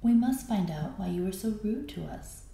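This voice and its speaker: A woman voicing an earnest, bossy male dog in a storybook read-aloud, announcing things briskly. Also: mid-range voice, expressive, gravelly, mellow, roomy sound, slight background noise. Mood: firm.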